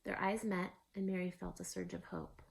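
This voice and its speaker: A woman reading a children's novel aloud, expressive, with soft hushed asides. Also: on the low side, moderate pace, creaky. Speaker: storyteller. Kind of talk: storybook reading.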